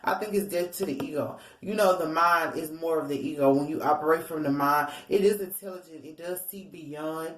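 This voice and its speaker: A woman's voice: low-pitched, brisk, hardly any pauses, a little hiss or hum. Theatrical woman reading tarot, roomy echo. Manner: rambling and theatrical, addresses viewers as y'all. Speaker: tarot reader. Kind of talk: casual tarot reading to viewers. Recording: roomy echo, distant from mic.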